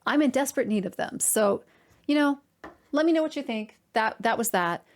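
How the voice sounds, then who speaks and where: Chatty, excitable woman knitting host. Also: fairly high pitch, moderate pace. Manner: chatty and excitable, full of "like" and "you guys". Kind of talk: casual chat to camera. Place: at home.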